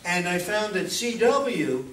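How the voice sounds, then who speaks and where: A man's voice: sits high, very animated, slow pace, fairly bright tone. A man giving an informal talk to a club meeting as a guest speaker, chatty and often asking the audience questions. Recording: echoey room, distant mic, faint noise.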